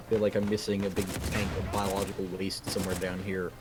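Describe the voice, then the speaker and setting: A man's voice: low voice, level tone, quick pace, over music. A man streaming a video game, chatting casually and animatedly, laughing often. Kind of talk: casual gaming chat.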